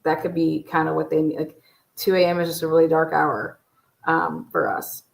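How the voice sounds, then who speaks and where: A woman hosting a casual livestream, ranting in a profane, exasperated and sarcastic way, her voice slightly hoarse. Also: low-pitched, level tone, moderate pace, echoey room, low-quality recording. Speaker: true crime livestream host.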